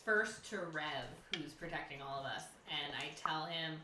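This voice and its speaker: A woman playing a tabletop game, animated and laughing, with a loud, projecting voice. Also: low-pitched, moderate pace, echoey room, recorded from a distance, background noise. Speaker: player.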